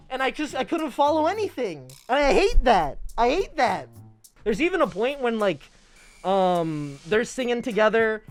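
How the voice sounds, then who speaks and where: A man chatting casually to his stream audience, talking in an animated way with lots of swearing and acting out dialogue in quick bursts. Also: extremely high pitch, faint music behind. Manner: animated, profane, acts out quoted dialogue. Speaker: livestreamer.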